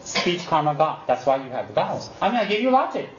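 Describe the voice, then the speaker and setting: A man giving an unscripted Buddhist dharma talk to students, animated and teasing, mimicking excuses and repeating emphatic warnings. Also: on the high side, a little fast. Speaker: Buddhist teacher. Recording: roomy, dull lo-fi recording with faint hiss.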